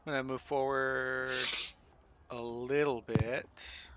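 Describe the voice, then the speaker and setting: A man's voice: medium pitch, fairly even intonation, slow pace, a bit bright, slight background noise. A man playing a tabletop game, speaking briefly and unhurriedly. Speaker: player. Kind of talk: casual tabletop play.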